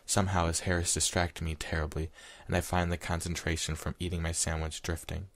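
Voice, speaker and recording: A man's voice: sits low, little pitch movement, a little fast. A man casually reading fan fiction aloud, with chuckling asides.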